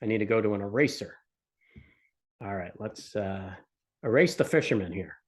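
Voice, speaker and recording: A man's voice: on the low side, expressive, fast talker. A man teaching economics in a recorded lecture, explaining with a casual, joking storytelling manner. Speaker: economics instructor.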